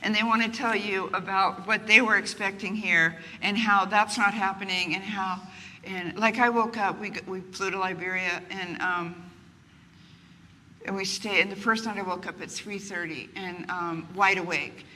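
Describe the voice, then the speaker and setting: Older woman telling funny frank stories to a crowd, bright voice, big echoey hall with a faint hum. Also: medium pitch, moderate pace. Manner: animated, self-mocking, acts out quotes. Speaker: guest author. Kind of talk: candid conversational storytelling. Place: retreat gathering before a live group. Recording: distant reverberant room, faint ambience.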